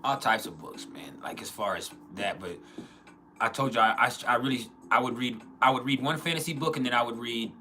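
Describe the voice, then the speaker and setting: A man's voice: mid-range voice, brisk, pushed and bright, soft background music. A man hosting a casual livestream, rambling, often restarting his sentences and reading out chat comments. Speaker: livestream host.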